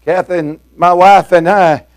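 An older man preaching a fiery sermon, folksy and plain-spoken, shouting in a preaching cadence with frequent "uh" fillers. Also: high voice, steady tone, measured pace.

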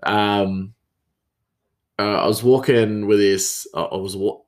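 A man's voice: on the low side, fairly even intonation, takes it slowly, long pauses. A man hosting a podcast, telling work stories in a rambling, casual way with many restarts. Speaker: podcast host. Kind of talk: casual storytelling monologue.

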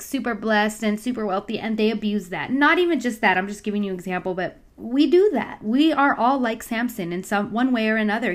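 A young woman casually retelling a Bible story in her own words, chatty and animated, slipping into slang and acted-out voices. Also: medium pitch.

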